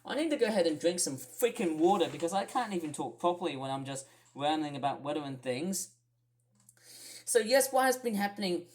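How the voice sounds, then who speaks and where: A woman's voice: lowish voice, big pitch swings, brisk, darkish tone. Rambling Australian woman talking weather. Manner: rambling, thinking aloud with many fillers. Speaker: weather vlogger. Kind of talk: rambling casual weather commentary.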